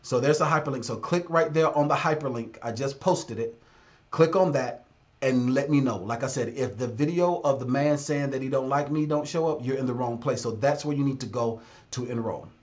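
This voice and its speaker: A man's voice: medium pitch, a little fast, darkish tone. Blunt man hosting a live stream. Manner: talks straight to viewers, blunt and direct. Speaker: livestream host and business consultant. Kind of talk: casual live-stream chat.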